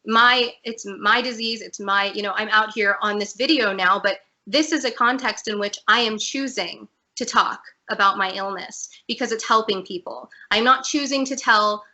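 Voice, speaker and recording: A woman's voice: medium pitch, normal speed, few pauses, sharp tone. A woman guest on a video-call interview, telling a personal story in a candid, earnest way. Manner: earnest, candid, emotional at times.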